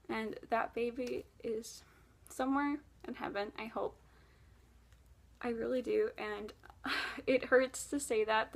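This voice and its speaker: Emotional confessional woman vlogger. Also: a little high. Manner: emotional, earnest, with swings between loud and hushed. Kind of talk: confessional storytelling vlog.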